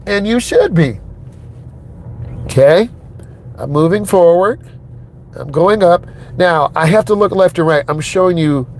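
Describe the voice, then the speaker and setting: A man's voice: high-pitched, lively intonation, a little slow, pauses often, darkish tone, slight background noise. A middle-aged man, a driving instructor, narrating a lesson from behind the wheel in a car. He talks straight to the viewers, emphatic and repeating himself. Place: inside a car on city streets.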